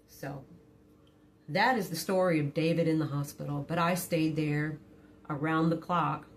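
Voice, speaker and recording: Low-voiced woman telling a blunt story. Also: slight background noise. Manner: blunt, profane and dramatic; quiet, low-key delivery. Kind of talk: casual storytime.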